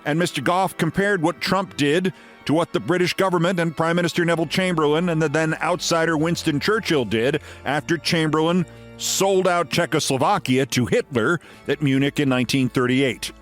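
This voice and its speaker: A man's voice: fairly high pitch, normal speed, fairly bright tone, soft background music. A man in his sixties hosting a show, giving sarcastic, theatrical political commentary and then reading a story aloud. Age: 60s. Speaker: host.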